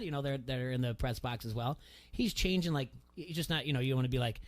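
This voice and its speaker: Man, radio talk host, storytelling, mid-pitched voice, casual chat. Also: fast talker. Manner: storytelling, animated when quoting.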